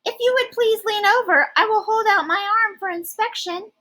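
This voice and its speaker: A woman voicing a prim, well-groomed male monster from a storybook, in a high, silky, fussy voice. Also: normal speed, bright, forceful tone. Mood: polite, prissy. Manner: fussy, refined.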